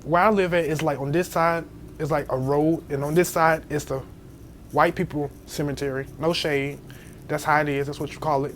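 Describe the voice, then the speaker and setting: A young man telling a scary story in casual storytime style, animated and jumping to high squeals when he quotes himself. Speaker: storyteller vlogger. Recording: faint background noise.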